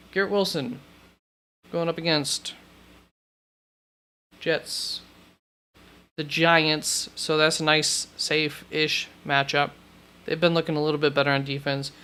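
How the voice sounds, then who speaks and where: A man with a fairly high, bright and forceful voice hosts a live stream from what sounds like a home studio. His tone is smooth and crisp as he chats casually and thinks aloud, often stopping to correct himself. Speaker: fantasy football host. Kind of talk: live-stream chat answering questions.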